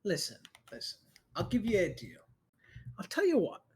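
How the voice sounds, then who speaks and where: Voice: mid-range voice, huge pitch swings, normal speed, a little mellow, slightly rough, heavily acted. A game master voicing a mocking, sadistic male villain who taunts the hero in a tabletop game, with a sing-song, sneering delivery. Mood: cruel. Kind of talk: tabletop role-play.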